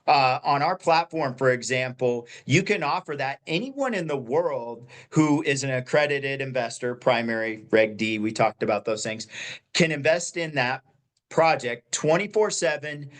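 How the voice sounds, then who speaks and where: A man's voice: medium pitch, moderate pace, a bit bright. A man in his forties, a company founder, explaining earnestly in a podcast interview with frequent fillers and restarts. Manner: earnest, many fillers and repeated words. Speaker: guest, real estate company founder.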